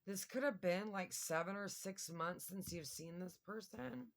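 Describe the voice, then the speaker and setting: A woman's voice: mid-range voice, a little slow. A woman giving a casual tarot reading to her viewers, chatty and thinking aloud with lots of fillers. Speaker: tarot reader.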